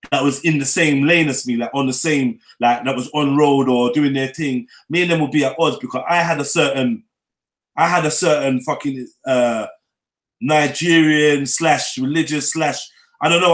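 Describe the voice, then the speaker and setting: A young man tells his life story in a relaxed, unscripted way. He uses loose street slang and keeps checking in with the listener. His voice sits in an average range and carries a noticeable room echo. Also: mid-range voice. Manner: loose London street slang, frequent "you get me?" tag. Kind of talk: casual storytelling. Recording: echoey room.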